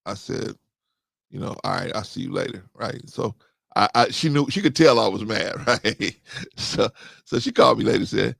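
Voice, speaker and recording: Gravelly-voiced man telling a story. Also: fairly low pitch, expressive, moderate pace, a bit bright, dry recording. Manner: storytelling, acts out quoted dialogue; repeats phrases for emphasis. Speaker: host. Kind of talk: casual monologue to camera.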